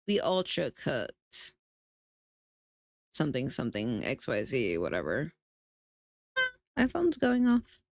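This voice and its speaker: A woman's voice: fairly low pitch, no echo, studio quality. Drowsy, swearing woman streamer. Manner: chatty, swears freely, laughs often. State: sleepy, yawning. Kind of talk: casual chat.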